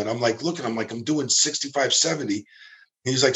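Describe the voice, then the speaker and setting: A man's voice: mid-range voice, quick pace, fairly bright tone. A man, a guest in a casual chat, telling stories in an easygoing way with laughs.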